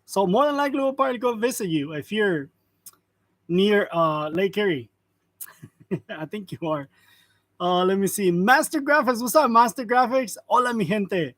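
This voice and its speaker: A man in his forties hosts a casual live stream from a print shop, greeting viewers by name and chuckling often. His voice sits high, animated and a bit bright, at a moderate pace. A wireless lavalier captures dry, close sound.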